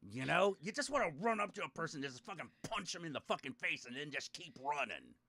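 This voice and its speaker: A man's voice: on the high side, very animated, brisk, gravelly, pushed and bright. A middle-aged man, a podcast host, telling a rambling story in casual chat, swearing freely and laughing as he goes.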